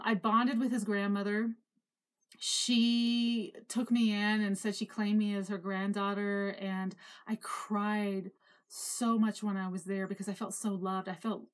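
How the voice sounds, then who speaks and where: A woman's voice: medium pitch, little pitch movement, moderate pace. A middle-aged woman telling her own life story in a reflective, emotional way, sometimes laughing or sighing as she remembers. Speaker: memoir narrator. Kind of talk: personal life story told to camera.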